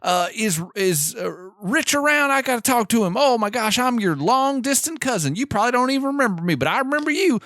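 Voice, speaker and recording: A gushing Southern man on the phone, as a podcast host puts him on, his voice pushed far above the host's own and crisp in a dry room. He exclaims and rushes on without pause, his Southern accent laid on thick. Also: very high voice, expressive, a bit bright, dry recording, pitched above the performer's own voice. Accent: Southern US (put on).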